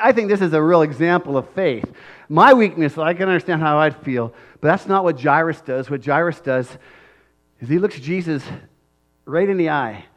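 Animated male pastor preaching. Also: a little high. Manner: conversational, animated, acts out quotes, frequent tag questions. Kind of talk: sermon.

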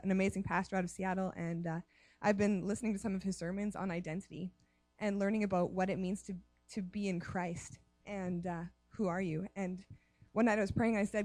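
A woman's voice: medium pitch, steady tone, moderate pace, a little mellow, no echo. A woman in a congregation giving a chatty personal testimony, with laughing asides and many fillers.

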